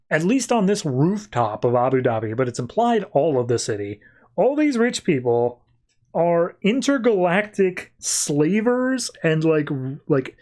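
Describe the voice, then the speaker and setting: A man's voice: on the high side, darkish tone. A man hosting a podcast, recapping a comic book in casual, chatty storytelling full of fillers. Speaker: podcast host.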